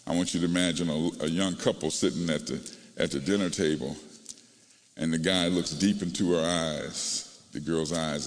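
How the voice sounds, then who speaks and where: Male pastor, lower voice, preaching call-and-response in a church, hall reverb. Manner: call-and-response preaching, rising to singing and shouting. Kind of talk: sermon. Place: church sanctuary. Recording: long reverb of a large hall.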